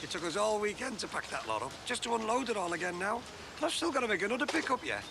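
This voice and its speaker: A jokey, matey shopkeeper. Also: male voice, sits high, big pitch swings, fast talker, vocal fry, full character voice. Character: cheerful chatty man who runs a mobile shop. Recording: noisy TV broadcast sound.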